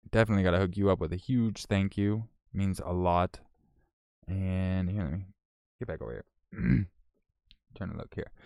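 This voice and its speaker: Low, smooth-voiced male streamer, casual. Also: dry recording, studio quality. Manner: laid-back, swears, laughs while reading out donors. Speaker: live streamer. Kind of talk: casual live-stream chat.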